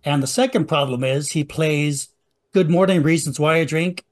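A man's voice: a little high, moderate pace. A man hosting a podcast, chatting casually and joking as he introduces old radio clips. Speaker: podcast host. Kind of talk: casual recap chat.

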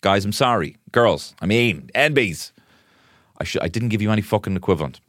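A man's voice: fairly low pitch, expressive, brisk, fairly bright tone, no room sound, studio quality. A man hosting a comic solo podcast, rambling and self-mocking, with frequent swearing. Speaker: podcast host.

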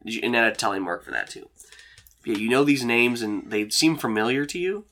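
Rambling game master, bright voice. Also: male voice, medium pitch, lively intonation, brisk, slight background noise. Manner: rambling, laughs often, many fillers. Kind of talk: narrating a tabletop game.

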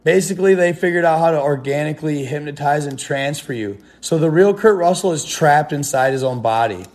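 A man's voice: fairly high pitch, fairly quick, a little mellow. A young man rambling casually to his viewers in a live stream, slangy and laughing often.

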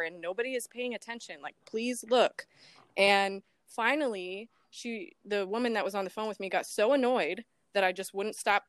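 A woman telling an interviewer about her missing mother, animated and emotional, acting out the voices from phone calls and laughing nervously at times. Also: mid-range voice, no echo. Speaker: guest, daughter of a missing woman. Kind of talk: emotional personal account in an interview.

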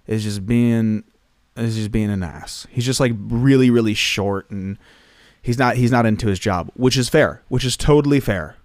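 Man, pop singer guest, rambling anecdote, lots of fillers, dry close sound, mid pitch. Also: normal speed, dry recording. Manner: rambling, filler-heavy, animated storytelling. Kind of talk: casual anecdote telling.

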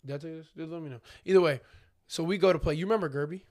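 A man's voice: on the high side, racing. A young man and podcast co-host telling a story in casual slangy chat, acting out his friends' lines. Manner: animated, acts out friends' voices, slangy.

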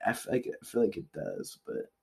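A man's voice: moderate pace, darkish tone. A young man co-hosting a podcast, reading off historical dates and then making dry jokes in casual chat. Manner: reads "on this day" entries off a list, then cracks dry jokes.

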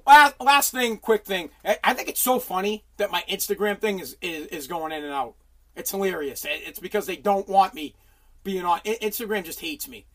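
A man's voice: high voice, normal speed, sharp tone. Profane man ranting on a livestream. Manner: profane heated ranting, stumbling restarts. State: losing his voice.

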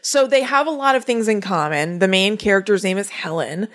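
Podcast co-host, woman, relaxed storytelling, recaps plots with casual asides. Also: medium pitch, a little fast. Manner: chatty, summarizing plot with asides. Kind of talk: casual chat recapping a movie.

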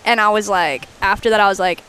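A woman chatting as a podcast guest, telling a story in an animated way and laughing as she talks. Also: medium pitch, quick pace, clear, resonant tone. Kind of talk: casual chat.

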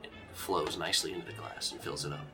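A man's voice: a bass voice, steady tone, fast, music in the background. Casual, rambling man running a tabletop game. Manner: casual, rambling, laughing, many fillers. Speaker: game master.

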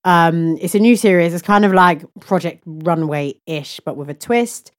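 This young woman co-hosts a podcast, chatting casually in a somewhat low voice at a slightly slow pace. She's talkative, laughs often, and stretches out words for emphasis.

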